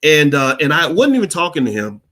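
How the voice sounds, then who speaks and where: A middle-aged man hosting a Q&A stream, telling a story in a blunt, profane, animated way. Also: a little high, a little fast. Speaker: host of a Q&A stream. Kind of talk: candid storytelling monologue.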